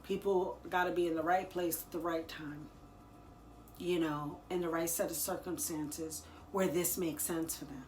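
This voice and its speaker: A woman talking casually to the camera, giving business advice in a chatty, slangy and expressive way, laughing often. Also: on the low side, normal speed, a little hiss or hum. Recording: echoey room.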